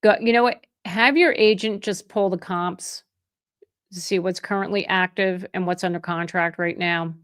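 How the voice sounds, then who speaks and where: Her voice is lowish, steady, and clean, a bit bright, with a moderate pace. She's a middle-aged real estate agent fielding viewer chat on a livestream Q&A, talking chattily, restarting and self-correcting often, and gushing with open emotion toward the audience.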